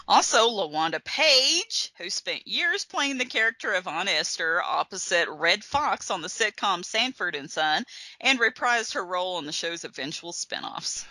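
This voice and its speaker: A woman's voice: mid-range voice, expressive, moderate pace, bright, forceful tone, no echo. A woman co-hosting a podcast, chatting casually about a horror movie, laughing often and swearing freely. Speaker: podcast co-host. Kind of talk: casual movie-review chat.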